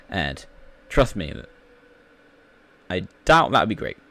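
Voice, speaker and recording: A British man talks through his gameplay in a loose, rambling way, stopping and restarting his sentences. His voice sits a little low for a man. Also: big pitch swings, extremely slow, vocal fry, fairly bright tone. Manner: rambling, full of fillers and restarts. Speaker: YouTuber. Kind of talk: casual gaming commentary.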